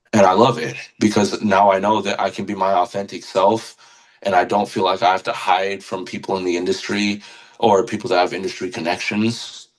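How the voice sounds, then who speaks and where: A man with a fairly low voice talks on a podcast as a guest musician. He speaks earnestly and with deep feeling, often restarting and repeating words as he gathers his thoughts. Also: rough recording. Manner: earnest, passionate, repeats words while searching for them. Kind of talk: casual podcast conversation.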